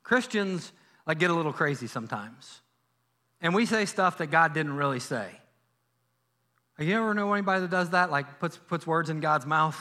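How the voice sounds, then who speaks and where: A male pastor preaching a sermon in a church, telling a Bible story in a lively way and acting out the characters' lines. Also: on the high side, normal speed. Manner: animated storytelling, acts out biblical dialogue. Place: church sanctuary.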